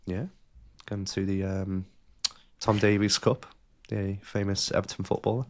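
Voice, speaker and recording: A man's voice: sits low, flat delivery, measured pace. A man hosting a casual podcast, joking around and reading news stories aloud with his own asides. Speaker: podcast host. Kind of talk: casual chat.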